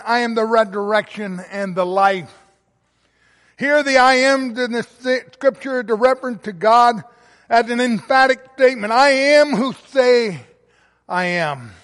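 A man's voice: high-pitched, a bit bright. A man preaching a sermon, explaining scripture verse by verse and reading quotations with earnest emphasis. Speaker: pastor. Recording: long hall reverb.

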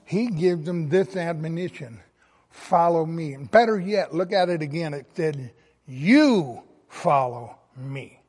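A man's voice: fairly high pitch, normal speed, darkish tone, big-room sound. A man preaching a sermon, reading scripture aloud and stressing key words with emphasis. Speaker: pastor.

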